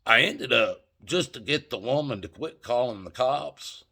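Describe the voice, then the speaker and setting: A man's voice: medium pitch, expressive, a little slow, creaky, bright, forceful tone, slightly rough. A man telling a story in a casual, folksy and emphatic way to his viewers. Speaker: channel host.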